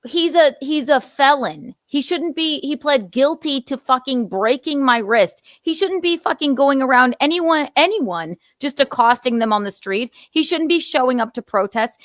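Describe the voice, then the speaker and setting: A woman's voice: high-pitched, animated, moderate pace, hardly any pauses, no echo. Blunt, profane woman podcast host, dry sound. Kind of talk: casual chat.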